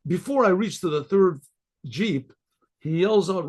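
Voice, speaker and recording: An older man, a rabbi, telling a story to his class in a rambling way, repeating himself and often clearing his throat. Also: high-pitched, lively intonation, unhurried, a little mellow.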